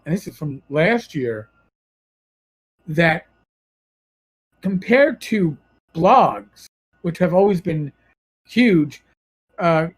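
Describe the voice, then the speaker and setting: High-voiced New York man chatting. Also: rough recording. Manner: rambling, self-correcting, conversational. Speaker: podcast host. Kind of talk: casual podcast chat.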